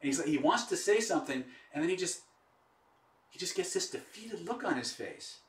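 Animated male presenter in a roomy space. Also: fairly high pitch, brisk. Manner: animated storyteller with frequent restarts and "okay?" check-ins. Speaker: webinar presenter. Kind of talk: persuasion webinar storytelling. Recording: roomy echo, distant mic.

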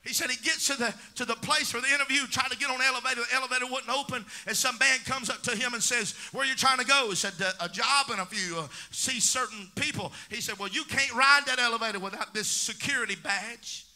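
A male preacher in a church sanctuary, carrying his sermon in a very high, piercingly bright voice. A gravelly edge runs underneath it as he acts out stories and climbs toward shouted, sing-song peaks. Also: fast talker, hardly any pauses. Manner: storytelling with quoted dialogue.

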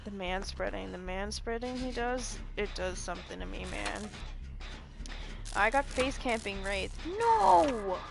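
A young woman streaming a game, excitable and dramatic, swearing often in casual chat. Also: mid-range voice, measured pace, gravelly.

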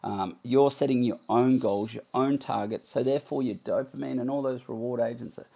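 A husky man hosting a podcast, his voice gravelly with fry. He speaks at a middling pitch and talks reflectively about personal experience. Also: fairly even intonation, normal speed, dark tone. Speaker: podcast host. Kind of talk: podcast conversation.

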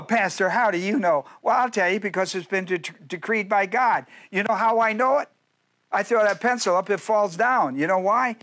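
A male pastor with a high, fairly bright voice preaches in a folksy, joking manner. Quick asides and playful jabs at his listeners run throughout.

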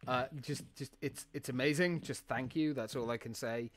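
A man's voice: mid-range voice, normal speed, slight background noise. A man chatting while streaming a game, rambling, swearing and laughing often as he thanks viewers. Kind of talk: live gameplay stream chat.

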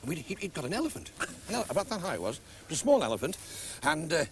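An older man spinning a comic anecdote, his voice rising and falling animatedly, a touch high. Recorded from a distance outdoors with faint traffic behind. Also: rapid-fire. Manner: lively storyteller, breaks into laughter. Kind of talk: casual anecdote.

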